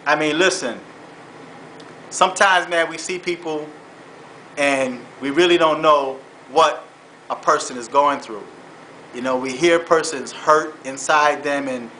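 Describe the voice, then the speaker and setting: A man vlogging, telling a personal dream earnestly and haltingly, repeating himself and moving into faith-based encouragement. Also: on the high side, bright, forceful tone, slight background noise, low-quality recording. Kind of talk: personal storytelling turning into faith-based exhortation.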